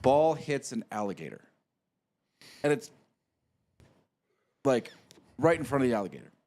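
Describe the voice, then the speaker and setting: A man's voice: medium pitch, normal speed. A man co-hosting a podcast, telling a story step by step in casual chat. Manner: animated storyteller, retells scenes step by step. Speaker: podcast co-host.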